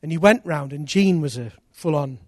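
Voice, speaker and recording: At normal speed, a man with a slightly high voice preaches a sermon in clean studio sound without echo. His storytelling centers on conversions, performed animatedly with quoted voices and repetition.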